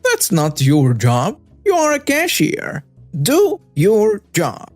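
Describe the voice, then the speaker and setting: Male narrator voices entitled woman customer: shrill, high, hostile, demanding. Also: wildly swooping pitch, slow, faint music behind, heavily acted. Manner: shrieking, demanding, insulting. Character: shrill entitled woman shopper, screaming and rude.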